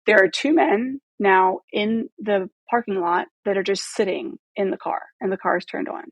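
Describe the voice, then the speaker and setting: A woman in her thirties, a podcast guest telling a long story in a casual, animated way, swearing freely and acting out the dialogue. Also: mid-range voice, moderate pace, no echo. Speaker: podcast guest, photographer and former model.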